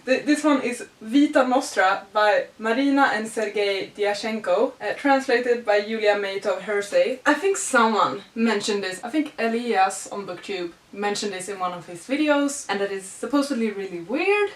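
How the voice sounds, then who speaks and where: A young woman chatting excitedly in a casual book haul vlog, gushing and laughing often. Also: mid-range voice, moderate pace, few pauses. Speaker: book vlogger. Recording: echoey room, mic at a distance.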